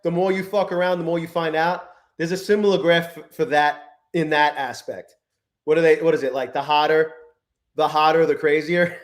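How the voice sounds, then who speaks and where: High-voiced man cursing through a live stream. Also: fairly even intonation, normal speed, reverberant. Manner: profane, exasperated, talks to chat; swings between muttering and loud outbursts. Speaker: livestream trading host. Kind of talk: live-stream chat while trading.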